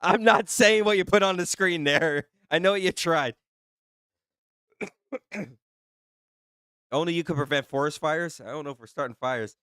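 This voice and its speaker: A man hosting a live stream who reads out the chat in a flustered, excitable way and teases the viewers. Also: a little high, moderate pace, long pauses, smooth, no room sound, studio quality. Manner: flustered and excitable, laughing often, teasing viewers. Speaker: livestream host reading chat.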